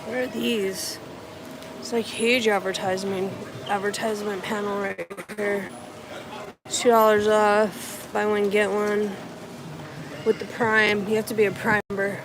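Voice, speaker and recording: Slow-talking woman vlogging on errands. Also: mid-range voice, level tone, noisy background. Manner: talks to herself and viewers as she goes. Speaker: rideshare driver vlogger. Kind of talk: casual vlog narration while running errands.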